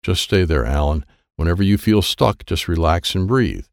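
A man's voice: deep voice, animated, moderate pace, gravelly, dry recording, clean studio sound. A man voicing a stern, patient male karate master who gives firm, instructive commands. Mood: firm instructing.

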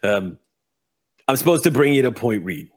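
A man's voice: medium pitch, very animated, normal speed. A man playing a foul-mouthed, nosy Redcap. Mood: prying. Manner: swears freely, blunt and prying. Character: crude nosy male Redcap fae driver. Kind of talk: in-character tabletop role-play.

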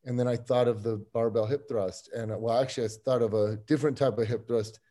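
A man with a warm, mellow voice at an ordinary pitch chats through his story as a podcast guest. His delivery is loose and easygoing, with restarts and frequent soft chuckles. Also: fairly even intonation, fast. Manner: easygoing, rambling, chuckles often. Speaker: strength coach, podcast guest. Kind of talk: casual interview storytelling.

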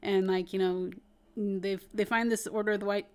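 A woman chats with a friend and recaps a show she loves. Her voice sits at an ordinary middle pitch, and she talks eagerly with plenty of fillers as the story spills out. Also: level tone, normal speed, smooth. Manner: eager storyteller, lots of "like" and "you know". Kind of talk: casual chat, recapping a cartoon series.

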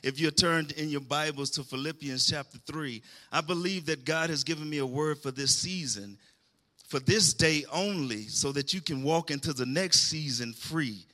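A man's voice: on the high side, sharp tone. A man preaching a sermon, calling out to the congregation and rising into emphatic bursts.

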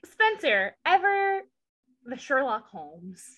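A woman co-hosting a podcast, recapping a TV episode in casual chat with sarcastic jokes and quick asides. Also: sits high, very animated, muffled recording, noisy background. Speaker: podcast co-host.

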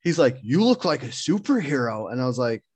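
Animated, laughing male podcast co-host. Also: mid-range voice, fairly quick, slightly rough, no room sound. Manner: animated storytelling, laughs a lot, swears. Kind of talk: casual podcast chat.

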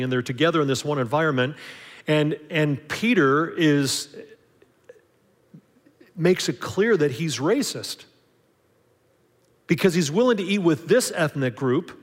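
A man preaching in a relaxed, chatty style, slipping into short acted exchanges and stumbling over restarts. His voice sits a little high for a man. A long, lingering reverb fills the large hall around him. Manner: conversational, acts out little dialogues, frequent restarts. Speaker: pastor. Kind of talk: sermon.

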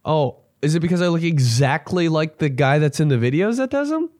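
A man's voice: a little high, fairly quick, a little mellow, dry recording, clean studio sound. A young man hosting a podcast, telling rambling casual stories and acting out the people in them. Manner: rambling, acts out quoted people in his stories. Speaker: podcast host. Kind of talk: casual storytelling.

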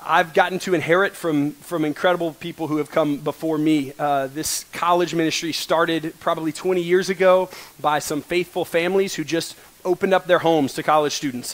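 A young man preaches to college students, his voice sitting a bit high. He speaks earnestly, gets emotional, and breaks the tension with self-deprecating jokes. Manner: earnest, emotional, joking asides. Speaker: college ministry pastor. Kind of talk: sermon. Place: coffee shop worship service.

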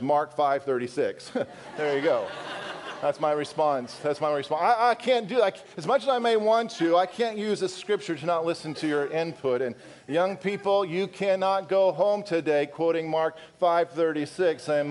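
A man's voice: on the high side, darkish tone. A male pastor preaching a sermon, firing rhetorical questions and speaking candidly to his congregation in conversational asides. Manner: emphatic, full of rhetorical questions.

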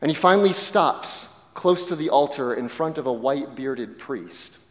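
Guy preaching a sermon as a story, goes quiet and slow at the big moments, long echo from a big church room. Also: medium pitch, expressive. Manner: vivid storyteller, dropping soft and slow at key moments. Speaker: pastor. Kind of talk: sermon told as second-person story. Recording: long reverb of a large hall.

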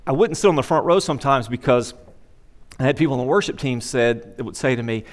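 A man's voice: medium pitch, fast talker. A middle-aged man preaching a sermon in a church, conversational and emphatic, repeating key phrases, on a wearable microphone. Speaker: pastor. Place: church sanctuary. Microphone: wearable microphone pack.

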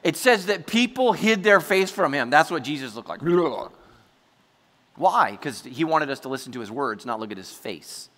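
A man preaching a sermon to his congregation, chatty and joking, acting out quick asides as he goes. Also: on the high side, animated, fairly bright tone. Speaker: pastor. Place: church hall before a congregation. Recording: large hall with long reverb.

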